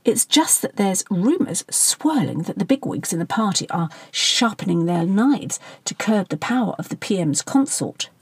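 A woman's voice: mid-range voice, big pitch swings, normal speed, few pauses, breathy edge, no room sound. A woman reading the part of a worried, self-important middle-aged male politician, moaning and gossipy.

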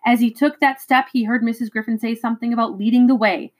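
A woman reading a novel chapter aloud, expressive and dramatic, with occasional stumbles. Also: on the high side, fast talker, low-quality recording. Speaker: reader.

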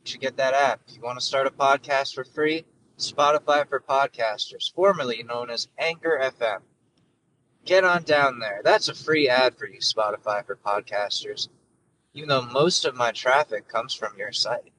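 A man's voice: medium pitch, normal speed, bright, forceful tone, slight background noise, rough recording. A man hosting a casual solo podcast from his car, talking in an offhand, rambling way through his phone. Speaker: podcast host. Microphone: phone through car system.

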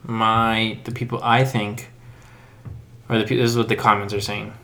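A woman's voice: rumbling low, little pitch movement, moderate pace, a bit bright. A woman co-hosting a casual podcast, chatting and reading online posts aloud. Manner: chatty, reads out online comments. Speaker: podcast co-host.

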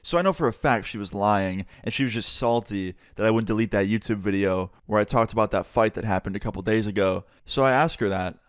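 A young man chats through a storytime in a relaxed, conversational way, acting out each side of the dialogue. His voice sits on the low side and comes across smooth and clear, recorded close and dry with no room sound. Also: brisk, few pauses, no room sound. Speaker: YouTuber. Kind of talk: storytime narration.

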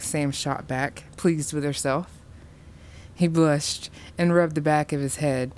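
A woman with a deep, low voice reads a dark fiction story aloud, taking her time over each line. Her delivery is steady and measured, plainly a scripted narration.

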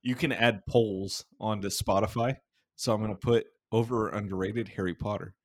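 A young man hosting a podcast, telling crude stories in casual, animated chat and swearing often. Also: on the low side, normal speed. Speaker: podcast host.

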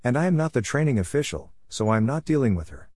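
A man's voice: medium pitch, expressive, fast talker, darkish tone, dry recording, studio quality, voice pushed up, close to an everyday voice. A man voicing a stubborn, sarcastic, experienced male genie who talks in a flippant, grumbling way.

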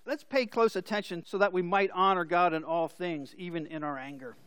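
A man's voice: high-pitched, a little fast, fairly bright tone, smooth, no room sound. A male pastor preaching a sermon, explaining scripture and telling stories with acted-out voices.

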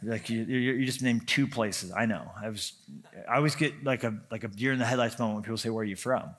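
Male pastor, mid pitch, from the western US, reads scripture and prays, then tells lively self-deprecating stories. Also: fast talker. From western United States. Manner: animated storytelling with self-deprecating humor. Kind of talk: sermon with scripture reading and prayer.

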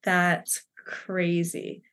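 A woman's voice: on the low side, monotone, very slow, fairly bright tone. A woman in her twenties co-hosting a podcast, telling a story in casual chat with lots of fillers and acted-out dialogue, emotional and close to tears. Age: 20s. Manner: rambling, filler-heavy retelling with quoted dialogue. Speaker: podcast co-host.

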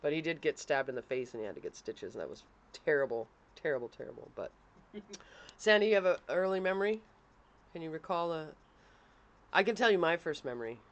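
A woman's voice: sits low, big pitch swings, brisk, long pauses, dull audio. A woman co-hosting a casual chat, telling family stories bluntly and swearing freely. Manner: blunt, swears freely, laughs mid-story. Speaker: podcast co-host and parent.

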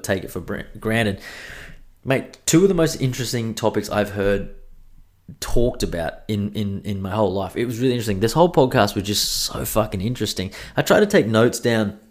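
Aussie guy with a stuffy cold nose, lowish voice, chatty sweary podcast ramble. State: congested from a cold. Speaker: podcast host. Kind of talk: casual solo podcast chat.

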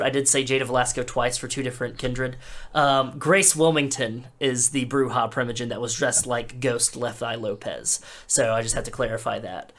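A man's voice: medium pitch, fairly bright tone. A man narrating as game master in a tabletop game, loose and full of fillers.

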